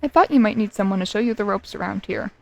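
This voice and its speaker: A woman voicing a sweet, friendly townswoman who welcomes a newcomer in a gentle, slightly prim way. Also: mid-range voice, fast talker, creaky, lightly acted. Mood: welcoming.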